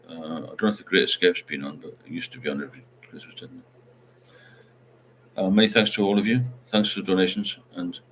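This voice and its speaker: A man's voice: deep voice, steady tone, fairly quick, fairly bright tone, a little hiss or hum. A middle-aged man, hosting a casual livestream chat and rambling while he reads out viewer comments. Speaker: livestream host.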